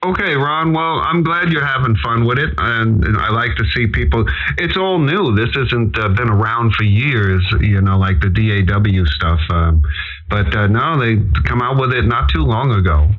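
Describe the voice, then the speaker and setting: A man's voice: medium pitch, normal speed, phone-quality sound. A man chatting easily as an amateur radio operator on the air, heard through a radio transmission. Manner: easygoing, chatty. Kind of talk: casual ham radio chat.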